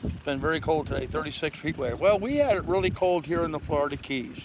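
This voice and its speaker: An older man hosting a relaxed livestream from his sailboat in a harbor, rambling easily and reading viewer comments aloud. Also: on the high side, fast talker, noisy background. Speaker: vlog host. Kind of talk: casual livestream chat.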